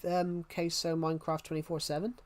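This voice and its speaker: A man's voice: a little high, level tone, a little fast. A man with an English accent, chatting casually on a live stream, rambling and restarting his sentences as he answers viewers. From England. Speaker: livestreamer.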